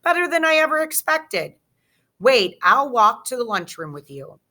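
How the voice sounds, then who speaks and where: A woman's voice: on the high side, very animated, moderate pace, pushed and bright, pitched above the performer's own voice, exaggerated voice. Woman doing a cheerful playful substitute teacher.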